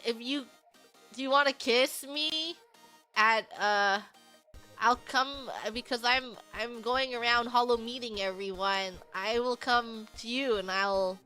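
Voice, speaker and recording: A young woman streaming, chatting casually in a bubbly, giggly, excitable way. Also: fairly high pitch, measured pace, soft background music.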